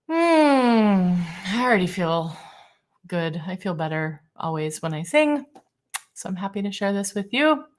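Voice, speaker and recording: A woman voice coach leading a livestream singing warm-up, chatty and self-deprecating, demonstrating sung exercises on simple syllables. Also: mid-range voice. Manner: chatty and self-deprecating, laughing at her own slips.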